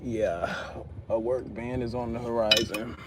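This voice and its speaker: A man's voice: medium pitch, level tone, a little slow, noisy background. A man chatting casually on a livestream while he works on a car as a part-time mobile mechanic, repeating himself for emphasis.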